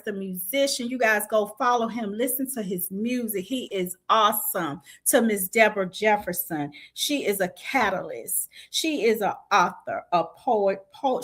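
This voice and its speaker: A woman hosts her own livestream, talking casually to her viewers and promoting events with hype-girl energy. Her voice is bright and slightly high. Her pitch swings widely as she talks. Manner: lively, hype, chatty with the audience. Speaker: livestream show host. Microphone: video call style stream mic.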